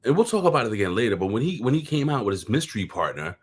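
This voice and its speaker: A man with a New York accent co-hosting a wrestling review show in casual, rambling, profane chat, repeating words and filling pauses. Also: mid-range voice, big pitch swings, slightly rough.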